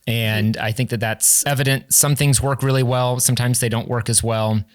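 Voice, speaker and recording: A man's voice: medium pitch, fairly even intonation, moderate pace. Chatty male podcast host. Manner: friendly, chatty, laughs often. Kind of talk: casual interview conversation.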